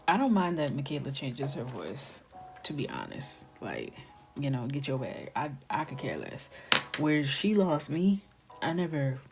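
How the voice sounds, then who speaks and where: Female streamer, deep-toned, chatty and candid, coloring session host. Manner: chatty and candid, drops into soft asides. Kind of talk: casual chat while coloring.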